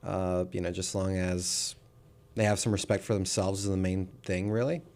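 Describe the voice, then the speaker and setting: A man's voice: low-pitched, fairly even intonation, moderate pace, a little mellow. A man co-hosting a casual political podcast, laid-back and teasing in a dry way. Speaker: podcast co-host.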